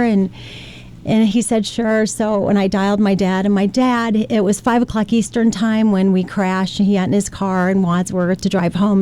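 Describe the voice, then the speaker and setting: A woman's voice: mid-range voice, warm tone, clear, resonant tone. A middle-aged woman from Ohio, earnestly recounting a past experience as a guest on a radio interview. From Ohio, United States. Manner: earnest, emotional storytelling with acted quotes. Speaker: interview guest, flight attendant.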